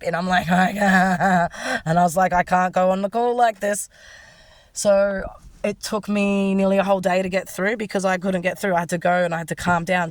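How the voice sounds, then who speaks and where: A woman's voice: fairly low pitch, no room sound. An Australian woman giving a rambling, distressed, frank personal monologue. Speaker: vlogger.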